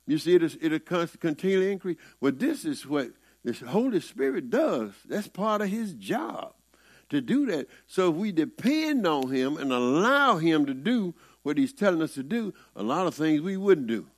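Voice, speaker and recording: A Southern preacher man with a fairly high voice that swoops up and drops low, talking to his congregation in a folksy, conversational way. He preaches in a plain sermon style, full of asides and questions.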